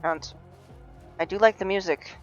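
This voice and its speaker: A man's voice: high-pitched, fairly even intonation, a little slow, muffled recording, soft background music. A man streaming a game live, rambling and talking to himself as he plays. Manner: rambling, self-talking, full of restarts. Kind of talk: rambling live gameplay chat.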